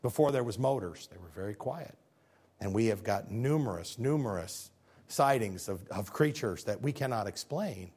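Male speaker, emphatic faith talk with slides, very animated pitch, rhetorical questions. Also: moderate pace, breathy edge.

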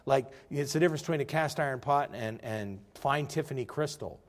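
A man's voice: medium pitch, fairly quick. A man preaching a sermon as pastor. He tells folksy stories and presses the congregation with direct questions, pushing harder as he drives his points home. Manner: folksy storytelling.

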